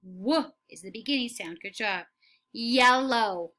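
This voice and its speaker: A woman teacher leading a phonics lesson for young children, slow and encouraging, saying words for the class to repeat. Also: a little high, bright, forceful tone.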